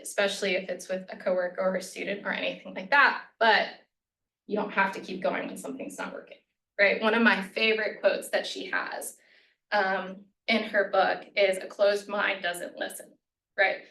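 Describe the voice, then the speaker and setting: A woman's voice: mid-range voice, flat delivery, moderate pace, gravelly, a bit bright. A woman leading a workshop as a lunch-and-learn presentation, conversational, with frequent "right?" and "um", acting out sample phrases. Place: college meeting room. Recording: echoey room, voice a bit far from the mic.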